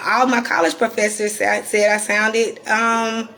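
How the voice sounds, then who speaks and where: A woman from North Carolina with a Southern accent and a raspy, croaky voice, talking candidly and deliberately to viewers on a live stream. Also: on the high side, flat delivery, bright, forceful tone. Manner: reflective and candid, slowed deliberate delivery. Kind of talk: casual live-stream talk.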